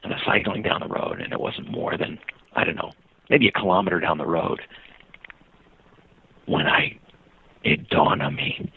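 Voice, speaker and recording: Husky American storyteller on a tinny line. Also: male voice, moderate pace, pauses often. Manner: acts out quoted voices with big pitch jumps. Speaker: guest, touring cyclist and author. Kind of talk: animated storytelling in a podcast interview. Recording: dry, tinny phone-line sound.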